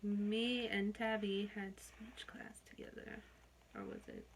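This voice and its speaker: A woman's voice: medium pitch, sing-song, slow, creaky, slight background noise. A young adult woman chatting as a guest, laid-back and adding short remarks. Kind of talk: casual chat.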